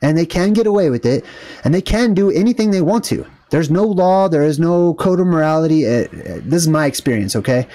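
A man's voice: fairly high pitch, animated, a little fast, mellow. A man vlogging, telling a story in an indignant, rambling rant full of fillers and asides. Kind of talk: casual ranting storytelling.

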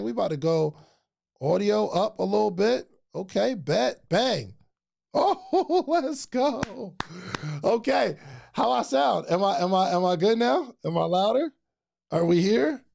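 High, gravelly man chatting excitedly. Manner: excitable, repeats phrases, chatty with viewers. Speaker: podcast host giving advice. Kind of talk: casual livestream talk.

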